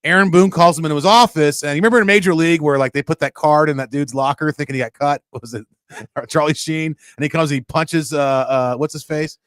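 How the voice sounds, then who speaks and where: A man co-hosting a sports radio show, talking in a casual, animated and self-mocking way, often laughing. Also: a little high, fast, clean tone, dry recording.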